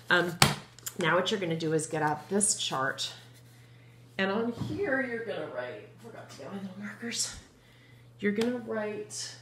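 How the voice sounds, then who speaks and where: A woman teaching a phonics lesson to young children, spelling out letters slowly and thinking aloud as she goes. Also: mid-range voice. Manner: patient, slow spelling out of letters; chatty, thinks aloud with fillers.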